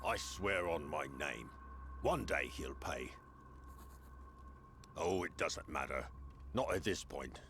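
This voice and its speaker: A bitter village blacksmith, growls in a cavernous low register with a hard, forceful edge. He brushes off his grudges in a grumbling game-character manner. A faint bed of game ambience sits underneath. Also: lively intonation, slow pace, long pauses, a little hiss or hum, full character voice. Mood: brooding. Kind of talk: video game voice acting.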